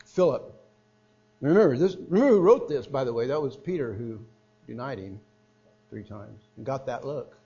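A middle-aged man preaching a sermon, swinging between loud emphatic stresses and quiet, hushed phrases. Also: medium pitch, lively intonation, moderate pace, slightly rough. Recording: dull lo-fi sound with mains hum.

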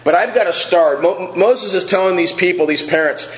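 A man's voice: high-pitched, normal speed, hardly any pauses, a bit bright. A middle-aged man leading a church Bible class, earnest and often checking in with the group with "all right?". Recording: echoey room.

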